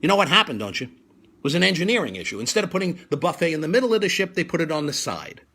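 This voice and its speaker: A man's voice: on the high side, animated, fast talker, a bit bright. A man, hosting a comedy show and delivering a stand-up routine with punchy timing. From New York. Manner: punchy joke delivery, laughing at own lines. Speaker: comedian host. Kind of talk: stand-up routine on a live stream.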